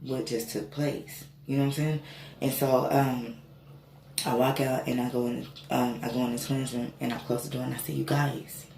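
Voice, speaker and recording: Low gravelly-voiced woman telling a story. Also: level tone, normal speed, dark tone. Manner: emotional, swearing, rambling with fillers. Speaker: spiritual vlogger. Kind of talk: casual storytelling to camera. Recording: echoey room, faint ambient noise.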